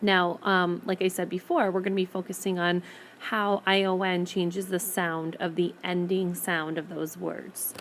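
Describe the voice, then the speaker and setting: A woman teacher giving a recorded phonics lesson on a tablet screencast, patiently and clearly sounding out each word. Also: lowish voice, little pitch movement, a little slow, slight background noise. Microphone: tablet screencast microphone.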